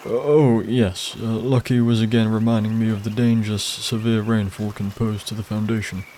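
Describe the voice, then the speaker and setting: A man voicing a hesitant, gentle village priest. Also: fairly low pitch, level tone, moderate pace, a little hiss or hum, natural voice. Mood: placating. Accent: northern English.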